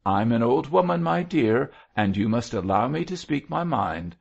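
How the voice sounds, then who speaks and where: A man's voice: medium pitch, sing-song, moderate pace, vocal fry, breathy edge, pitched above the performer's own voice, exaggerated voice. A man reading an audiobook voices an outspoken little old woman, tart and blunt. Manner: tart, speaks her mind. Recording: dull lo-fi audio.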